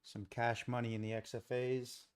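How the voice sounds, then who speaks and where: A man's voice: mid-range voice, moderate pace, clean tone. Laid-back man hosting a trading stream. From Los Angeles. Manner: relaxed, rambling, chuckles often. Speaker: day trading livestream host. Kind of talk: casual live commentary, chatting with viewers. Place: home trading setup.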